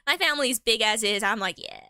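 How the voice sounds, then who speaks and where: A woman's voice: fairly high pitch, lively intonation, a little fast, pushed and bright, clear, resonant tone, no room sound, studio quality. A woman chatting casually on a live stream, rambling in slang and laughing often.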